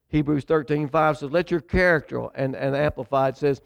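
A man's voice: a little high, steady tone, normal speed, vocal fry, few pauses, lo-fi sound. A man preaching a sermon, reading scripture aloud and acting out quotes with asides to his congregation. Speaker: pastor.

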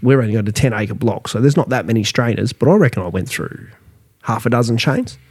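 A man's voice: medium pitch, animated, a little fast, a little mellow, breathy edge. A middle-aged Australian man co-hosting a casual podcast, swearing freely and ranting in a blokey way. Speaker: podcast co-host. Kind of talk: casual pub banter.

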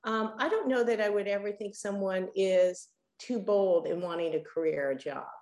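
An older woman, a guest in an interview, telling a story with lively acted-out quotes. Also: mid-range voice, normal speed. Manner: animated, acts out quotes. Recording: echoey room.

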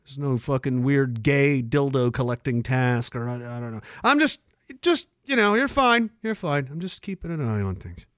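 A man's voice: medium pitch, lively intonation, normal speed, a bit bright, no room sound, studio quality. A man from Canada hosting a casual, profane livestream, joking crudely, laughing often and reading out chat messages.

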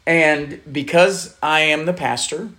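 A man's voice: on the high side, takes it slowly. A middle-aged man, a pastor, casually telling a story in conversation, animatedly acting out quoted voices. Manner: animated storyteller, acts out quotes, laughs often.

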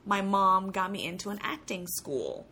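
A woman's voice: medium pitch, lively intonation, moderate pace, pushed and bright, slight background noise. A young woman from Puerto Rico, a guest in a casual interview, telling stories chattily with frequent laughs and restarts. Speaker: guest, actor.

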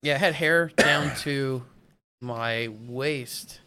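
A man's voice: mid-range voice, drawn-out words, pushed and bright, smooth. A man in his forties from Arkansas, a musician guest talking loosely in a casual chat, swearing now and then and restarting his sentences. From Arkansas, USA. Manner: loose and chatty, swears, stumbles over restarts.

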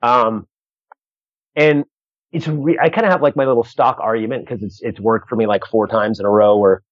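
A man's voice: on the low side, steady tone, normal speed, no echo, muffled recording. A man who does stand-up comedy, chatting casually and telling a story with lots of restarts and voiced quotes.

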